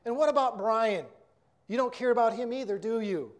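A man's voice: extremely high pitch, expressive, normal speed. A man voicing a hurt, angry teenage daughter, sobbing and accusing.

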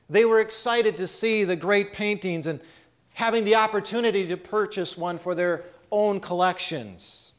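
High-voiced man telling a sermon story. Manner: dramatic, dropping to a hush at key lines. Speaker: preacher.

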